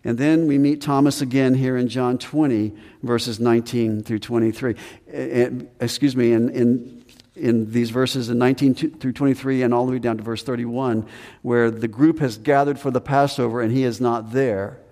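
A man's voice: medium pitch, fairly even intonation, moderate pace, dark tone, in a large hall. A male pastor preaching a sermon on scripture who sometimes acts out the lines of the people in it with a raised voice.

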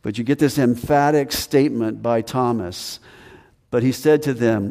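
A male pastor delivers a sermon with a warm, mellow tone. His voice carries a long reverb, as if recorded in a church hall. He sometimes slips into the voices of the people in the scripture, raising his voice for them. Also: medium pitch, normal speed. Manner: acts out Thomas's lines with raised voice.

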